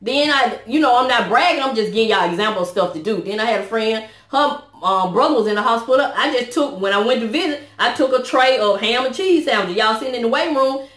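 A woman's voice: a little high, expressive, fast, few pauses, fairly bright tone. Earnest woman vlogging in an echoey room. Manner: earnest, preachy, Southern US dialect features. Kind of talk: testimony vlog.

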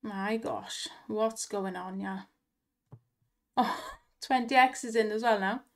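A young woman hosting a slot-win video, gushing and giggling in excited commentary. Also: medium pitch, takes it slowly, gravelly.

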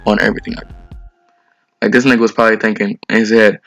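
A man's voice: on the low side, level tone, quick pace, fairly bright tone, no echo, soft background music. A young man giving heated, profane commentary over his own gameplay video, ranting with lots of slang.

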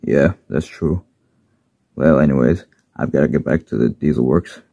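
A man doing a deep-voiced friendly engine. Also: moderate pace, creaky, warm tone, husky, dry recording, exaggerated voice. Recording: dull lo-fi recording.

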